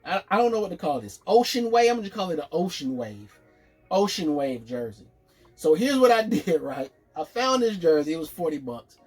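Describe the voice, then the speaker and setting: A man presenting his jersey collection in a casual vlog, chatty and excited, correcting himself as he goes. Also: on the high side, normal speed, husky, faint music behind. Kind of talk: casual show-and-tell vlog.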